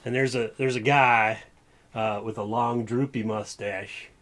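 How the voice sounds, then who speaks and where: A man's voice: mid-range voice, fairly even intonation, a little slow, a bit bright. A man running a tabletop game as game master, narrating the action in a chatty way with frequent laughs. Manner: chatty, laughing often, lots of filler.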